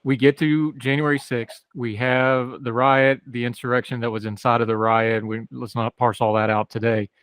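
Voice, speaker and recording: A man's voice: medium pitch, level tone, moderate pace, few pauses, fairly bright tone, clean tone, no echo. A man hosting a radio talk show, setting up his questions at length in a conversational way. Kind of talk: interview questions.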